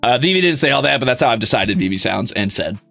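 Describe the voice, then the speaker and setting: A young man streaming casually, reading chat messages aloud, excitable and swearing freely. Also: mid-range voice, fast talker, gravelly, dry recording, faint music behind.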